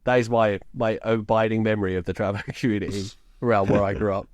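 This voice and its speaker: A man talks through a film like a friend telling a story, easy and chatty. His voice sits a little low. The recording is dry and close, with no room sound. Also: fairly even intonation, fast, a little mellow, dry recording. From England, around London. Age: 30s. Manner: chatty storyteller, recaps scenes with laughs. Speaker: podcast co-host. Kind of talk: casual film-discussion chat.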